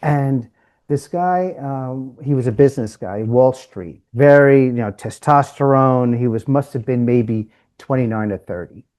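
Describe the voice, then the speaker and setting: A man's voice: medium pitch, a little slow, a little mellow. A man, a communication coach, guesting on a podcast and telling stories animatedly, acting out the people in them. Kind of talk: interview storytelling.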